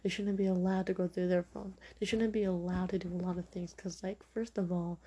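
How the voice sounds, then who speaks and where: Blunt young woman with a mellow, husky voice. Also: fairly low pitch, level tone, fairly quick, highs cut off. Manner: frank and opinionated, many fillers. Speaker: podcast host. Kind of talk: casual podcast monologue.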